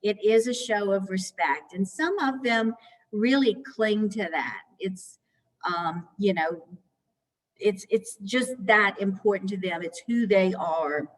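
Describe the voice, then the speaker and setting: A woman presents a caregiver lesson in an unhurried, patient way and slips into gentle example phrases as she goes. Her voice sits at an ordinary middle pitch, and a long reverb trails after her words, as if she is in a large room. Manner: calm, patient, conversational, with gentle acted examples. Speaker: presenter at a caregiver education talk. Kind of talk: educational talk.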